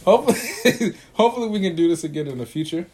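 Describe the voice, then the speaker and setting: A man's voice: high voice, animated, quick pace, a little mellow, faint music behind. A man hosting a casual podcast with friends, joking and laughing often. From Baltimore. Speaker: podcast host. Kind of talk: casual chat. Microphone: home recording mic.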